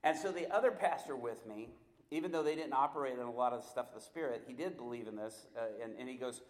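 A man's voice: mid-range voice, fast talker, reverberant. A male preacher telling a story in a sermon, animatedly acting out the voices of the people in it.

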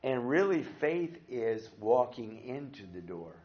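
A male church teacher speaks in an unhurried, middle-pitched voice and brings the characters of his story to life. He moves between retelling events and teaching. The recording sounds dull and lo-fi. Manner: animated storyteller who acts out quotes. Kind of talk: storytelling sermon talk.

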